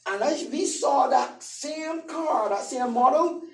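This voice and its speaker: A man, an apostle, telling his faith testimony to a congregation in an animated storytelling manner, laughing often. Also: very high voice, slow. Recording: echoey room from a distant mic.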